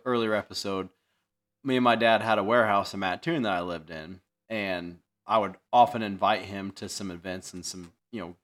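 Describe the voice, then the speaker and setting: A man's voice: fairly low pitch, fairly bright tone. A man, co-hosting a podcast in casual chat who explains things and chimes in on his friend's stories. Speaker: podcast co-host.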